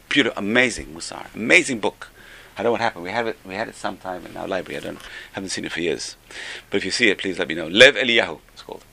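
In a low voice with vocal fry, an older man who teaches Torah gives a casual Musar class. He talks conversationally, repeats important phrases, and grows louder to stress his points.

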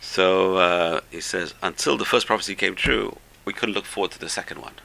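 A man teaching a Torah lesson as an animated storyteller, rising high when he quotes the rabbis and dropping low for his asides. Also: fairly quick, gravelly.

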